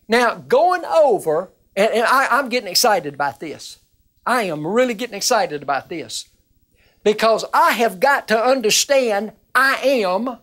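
Slow, earnest woman preaching on television. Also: fairly high pitch. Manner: earnest, emphatic, repeats words when excited. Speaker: minister. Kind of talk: televised Bible teaching.

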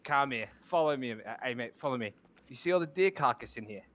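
A man in an online role-play game with a mid-pitched voice. He teases and mocks the other player. He drops swear words casually as he goes. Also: animated, fast, fairly bright tone. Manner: teasing, mocking, swears casually.

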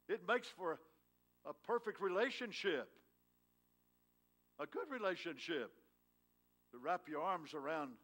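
Man preaching a sermon, loud then hushed. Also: on the high side, animated, a little slow, long pauses. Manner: swings between loud emphatic lines and hushed tender ones; prods the congregation with questions. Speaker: pastor. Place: church sanctuary.

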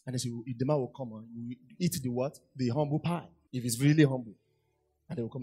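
A man's voice: mid-range voice, expressive, a little fast, warm tone, husky. A man preaching a sermon, repeating lines and asking the congregation questions. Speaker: pastor. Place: church hall.

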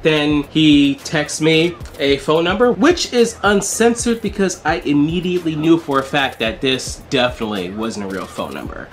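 A man's voice: a little high, normal speed, few pauses, a little hiss or hum. A man recounting an online chat, reading both sides of the messages aloud and adding sarcastic, swearing asides. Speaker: online predator-catching vlogger.

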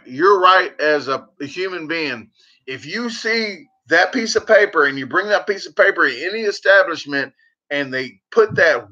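A man's voice: on the high side, pushed and bright, dull audio. A man hosting a casual livestream, rambling and joking, repeating words for laughs. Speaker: livestream host.

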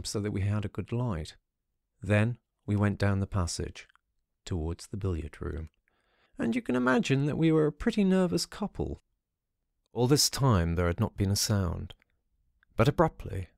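A man narrating a first-person ghost story audiobook in a measured storytelling manner. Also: lowish voice, creaky, a little mellow, no echo, clean studio sound.

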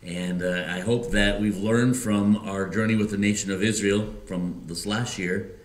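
Deep-voiced Midwestern pastor, halting sermon. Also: male voice, steady tone. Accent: Midwestern American. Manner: halting, many fillers and restarts. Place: church sanctuary. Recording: echoey church room.

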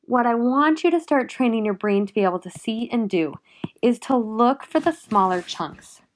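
A woman teacher giving a phonics lesson to young children, sounding out letters and syllables with patient, gentle prompting. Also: a little high, lively intonation, normal speed, a little hiss or hum.

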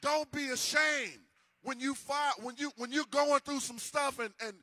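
A male pastor delivers a sermon in a high, ringing, very bright voice that cuts through. His delivery swells into sing-song cadences and emphatic repetitions. The sound is close and dry, with little room around it. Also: fairly even intonation, moderate pace, dry recording. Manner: preaching with rising, sing-song emphasis and repeated restarts. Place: church.

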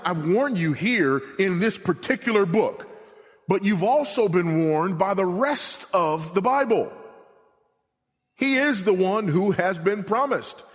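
A middle-aged male pastor preaching a sermon, swinging between emphatic repeated warnings and hushed, low passages. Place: church sanctuary. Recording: long reverb of a church hall.

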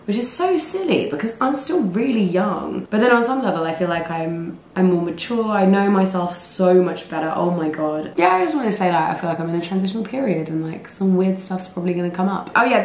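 Chatty hoarse woman in her twenties. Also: fairly low pitch, darkish tone, a little hiss or hum. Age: 20s. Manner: chatty, rambling, often laughing. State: slightly hoarse. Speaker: vlogger. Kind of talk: casual vlog chat. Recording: echoey room with faint ambience.

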